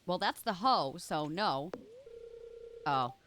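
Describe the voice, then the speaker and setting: A woman's voice: lowish voice, expressive, slow pace, fairly bright tone. A young woman streaming a video game live, chatting casually in a playful, teasing way. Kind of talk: casual live gameplay chat.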